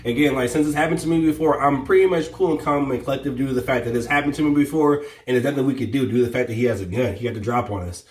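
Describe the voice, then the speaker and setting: A man casually telling a story, animated and full of fillers and restarts. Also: medium pitch, roomy sound, recorded from a distance, low-quality recording. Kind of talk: casual story time chat.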